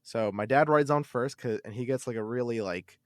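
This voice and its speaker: A man on a podcast, telling a story from his childhood in an animated, swearing style with lots of repeated words. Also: medium pitch, fairly quick, no echo, studio quality. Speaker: podcast host. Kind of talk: casual storytelling.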